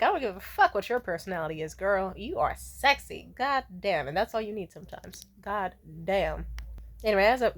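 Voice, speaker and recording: A woman telling a casual, profane story as the host, animated and laughing often. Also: mid-range voice.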